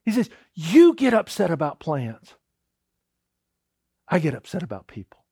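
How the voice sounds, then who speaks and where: A man preaching a sermon in a conversational way, retelling a story with lively voiced quotes. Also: a little high, measured pace, pauses often, husky, no echo, clean studio sound. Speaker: pastor.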